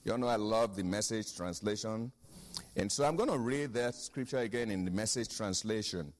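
A man's voice: fairly low pitch, expressive, normal speed, in a large hall. A man preaching a sermon as pastor, emphatic, repeating key phrases and asking the congregation for an amen.

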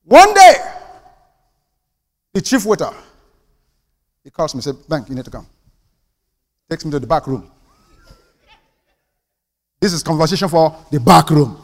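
Older preacher, lively high voice, hall echo. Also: male voice, a little slow, long pauses. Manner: storytelling preacher, swings from hushed to loud punchlines. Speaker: pastor. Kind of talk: sermon. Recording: long hall reverb.

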